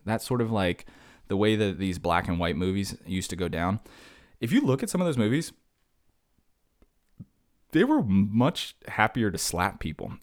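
A young man hosting a solo podcast, ranting fast and sarcastically, jumping from one tangent to the next. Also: low voice, a little mellow, no room sound, studio quality. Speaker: podcast host.

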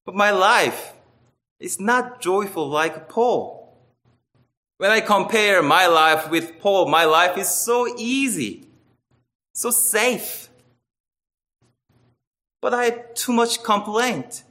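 Slow, bright-voiced man preaching. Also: high voice. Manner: earnest, emphatic, with wide swings between loud and quiet. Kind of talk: sermon.

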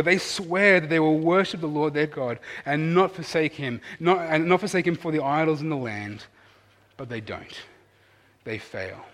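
A man preaching a sermon in an earnest, animated way, rising to loud emphasis and dropping to quiet asides. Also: a little high, big-room sound. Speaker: pastor.

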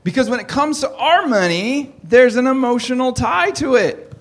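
A man's voice: very high voice, sing-song, brisk. A man preaching a sermon in a joking, conversational way, asking his audience questions.

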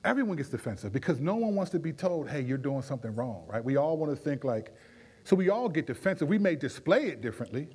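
Pastor, male, animated, talks in bursts, restarts often, voice a bit on the high side. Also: fast, slightly rough. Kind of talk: conversational Bible teaching in a Q&A.

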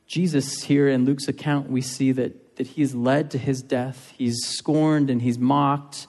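A man's voice: mid-range voice, level tone, a little slow, few pauses, darkish tone, big-room sound. A man preaching a sermon, earnest, often repeating and restarting phrases for emphasis.

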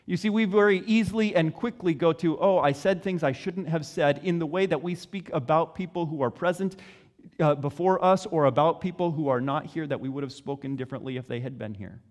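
A man preaching a sermon, earnest and questioning, with measured pauses. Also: fairly high pitch, big-room sound. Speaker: pastor.

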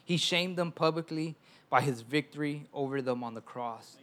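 A man's voice: a little high, moderate pace, fairly bright tone. A young adult man preaching a conversational sermon as pastor, often stammering and repeating words as he talks.

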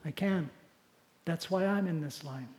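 A man voicing a calm, loving Jesus who speaks softly and low in a sermon story. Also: a little slow, roomy sound, lightly acted. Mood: gentle. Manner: soft, low and tender.

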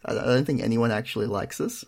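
A man's voice: medium pitch, fast, creaky, a little mellow. A young man telling stories in a casual chat, dry and self-mocking. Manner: dry, self-deprecating storytelling. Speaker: podcast co-host.

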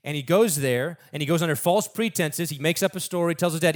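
A man's voice: on the high side, a little fast, hardly any pauses. A man preaching a sermon in a casual, conversational storytelling way, acting out the people in the story.

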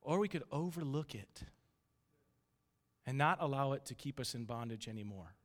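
A man's voice: medium pitch, animated, normal speed. A man in his thirties preaching a casual sermon, chatty and full of restarts, telling family stories. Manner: conversational, restarts often, acts out voices in anecdotes. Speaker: pastor. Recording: long hall reverb.

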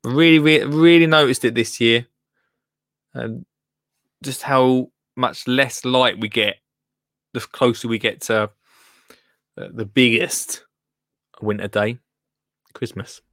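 A man's voice: mid-range voice, fairly even intonation, slow, pauses often, fairly bright tone, dry recording, studio quality. A man hosting a gardening podcast, chatting casually with a caller and often restarting his sentences. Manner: chatty, friendly, with frequent restarts. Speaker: podcast host. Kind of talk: casual chat.

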